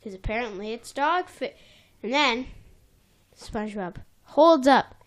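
A woman's voice: a little high, animated, measured pace. A woman co-hosting a casual podcast from a small office, recapping an episode and playfully acting out characters. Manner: playful, acts out characters in bursts. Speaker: podcast co-host.

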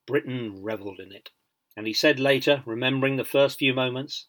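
A man narrating a biography in an audiobook, measured and dryly humorous. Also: medium pitch, a bit bright.

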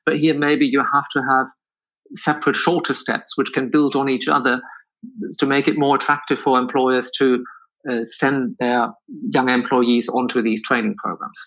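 Measured man explaining step by step. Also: mid-range voice, flat delivery, fairly bright tone, rough recording. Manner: measured, explanatory, many restarts. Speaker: interview guest. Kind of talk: conversational interview answers.

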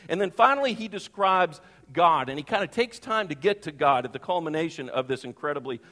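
A man's voice: on the high side, lively intonation, a little fast, a bit bright. A man preaching a sermon in a conversational, emphatic way, asking the congregation questions. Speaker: pastor. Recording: long reverb of a large hall.

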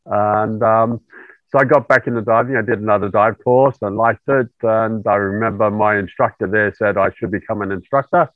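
A middle-aged Australian man speaking as a guest over a remote call, talking in an unhurried way with many fillers. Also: fairly low pitch, steady tone, dry recording. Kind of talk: remote interview. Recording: tinny call line, very dry.

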